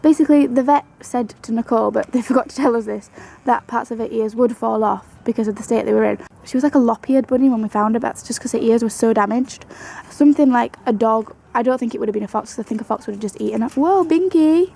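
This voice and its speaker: A woman's voice: on the high side, steady tone, fast talker, creaky, hardly any pauses, dark tone, poor audio. A young woman vlogging at home about her pet rabbit in a chatty, fond way, now and then cooing to the animal. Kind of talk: casual storytelling to camera.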